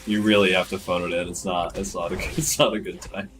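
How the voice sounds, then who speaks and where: A man's voice: low voice, level tone, fast talker, fairly bright tone, slight background noise, low-quality recording. A young man and streamer in casual, swearing chat with a gamer friend, often mimicking people in exaggerated voices.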